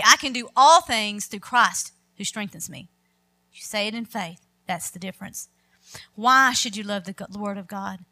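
A woman's voice: medium pitch, bright, forceful tone. A middle-aged woman preaching a sermon, emphatic and quoting scripture with rising force.

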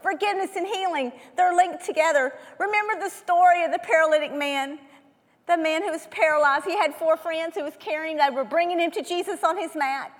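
High-voiced woman preaching in a reverberant hall. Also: fairly quick. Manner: asks rhetorical questions, shifts between loud emphasis and hushed tones. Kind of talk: sermon.

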